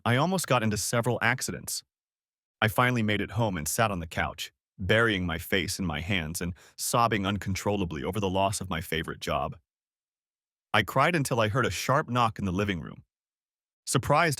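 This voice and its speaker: A male audiobook narrator reads a first-person drama in an animated, expressive voice that rises and falls widely. His pitch sits in a middle range, and the recording is dry and close with no room sound. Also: dry recording.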